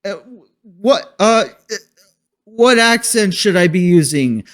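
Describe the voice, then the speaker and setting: A man's voice: sits high, animated, takes it slowly, voice pushed up. A man doing an impression of an older male actor who fumbles his lines, stammering and goofy. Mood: flustered.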